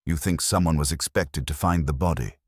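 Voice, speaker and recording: A man with a deep, husky voice playing a practical police inspector who asks blunt, impatient questions, a touch higher than his narration. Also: a little fast, no echo, studio quality. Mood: brisk.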